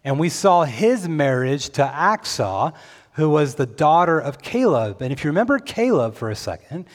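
A man's voice: on the high side, big pitch swings, moderate pace. A man preaching a sermon, conversational and given to jokes with his congregation. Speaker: pastor. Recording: long reverb, hall.

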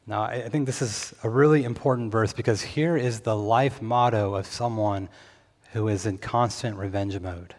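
Pastor type, male, mid-pitched, easy conversational preaching with humor, long hall reverb. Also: moderate pace, a little mellow. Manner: conversational, jokes with the congregation. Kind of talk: sermon.

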